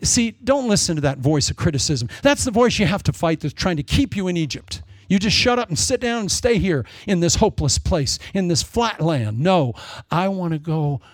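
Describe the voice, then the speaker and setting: A male pastor preaching a sermon in an excitable way, wandering off into jokey asides. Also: high voice, normal speed, few pauses, no room sound.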